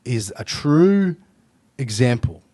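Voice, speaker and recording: An Australian man hosting a podcast, chatting casually and telling animated stories, swearing freely. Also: medium pitch, slow. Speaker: podcast host. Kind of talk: casual chat.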